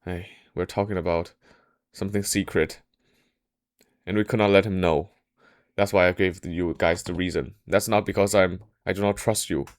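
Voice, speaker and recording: A man's voice: low-pitched, steady tone, normal speed, no room sound, clean studio sound, natural voice. A man doing a troubled old court minister. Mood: secretive. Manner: hushed, confiding, then angry. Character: troubled older male court minister, grieving and indignant. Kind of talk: casual storytelling.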